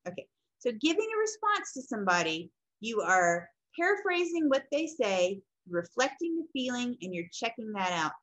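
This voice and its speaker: A woman's voice: a little high, fairly bright tone, low-quality recording. A middle-aged woman teaching counseling skills in a classroom lecture, acting out client and counselor examples as she explains. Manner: explains, then acts out client and counselor lines. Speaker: counseling instructor.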